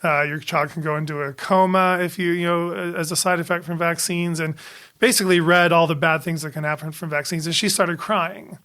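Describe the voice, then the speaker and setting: Bright-voiced man in his fifties, halting. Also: on the high side, fairly even intonation. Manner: halting, many ums and restarts. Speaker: podcast co-host, doctor. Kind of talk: casual podcast storytelling.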